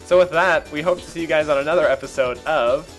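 A man's voice: fairly high pitch, quick pace, faint music behind. A man hosting a podcast in casual chat, joking, laughing often and mimicking others in quotes. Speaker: podcast host.

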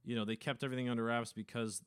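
A man co-hosting a casual podcast chat, talking in a laid-back monotone. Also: medium pitch, racing, clean tone. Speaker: podcast co-host.

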